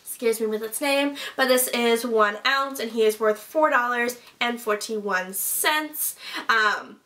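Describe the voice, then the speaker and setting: Young woman vlogger, high bright voice, chatty and self-mocking, rambles off topic. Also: a little slow. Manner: rambling, self-mocking, goes off topic, stumbles over brand names. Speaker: beauty vlogger. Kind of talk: casual product review chat.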